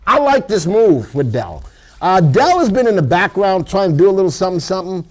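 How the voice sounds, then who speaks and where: Male co-host for a live stock show, playful banter, lively intonation. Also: high voice, fairly quick. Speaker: stock market instructor co-host. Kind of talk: live market commentary.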